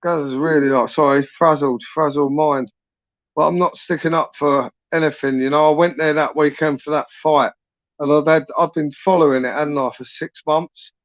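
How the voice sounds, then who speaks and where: A man hosts his channel in a loose, rambling live chat, peppering his talk with swearing and "innit". His voice sits a touch high. The sound is dry and a little dull, with no room around it. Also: fairly even intonation, normal speed, dry recording. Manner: rambling, sweary, frequent tag questions. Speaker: YouTube channel host. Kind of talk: casual live-stream chat.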